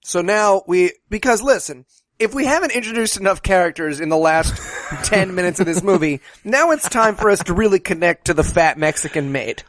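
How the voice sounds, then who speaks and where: A man's voice: high-pitched, expressive, a little fast, fairly bright tone, no echo. A man co-hosting a podcast, joking through a movie recap and breaking into mocking bits. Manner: joking, mocking, slips into silly voices. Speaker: podcast co-host. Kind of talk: casual comedic movie recap.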